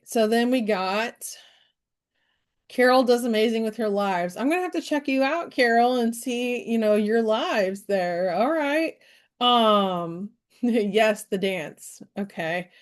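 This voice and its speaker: A woman leading a live-stream training, talking in a chatty, animated way with many fillers. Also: mid-range voice. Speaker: network marketing trainer.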